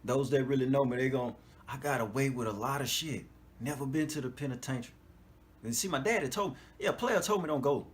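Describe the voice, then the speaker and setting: A man's voice: mid-range voice, brisk. A man hosting a podcast in a casual, profane monologue, laughing often and checking in with his listeners. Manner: animated, profane, laughs often, frequent "you know what I'm talking about". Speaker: podcast host.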